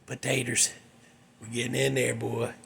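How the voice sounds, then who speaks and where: A man hosting his show, telling a ghost story in a drawling, folksy way that drops into hushed whispers. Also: medium pitch, little pitch movement, moderate pace, slight background noise. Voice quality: gravelly, raspy. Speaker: show host.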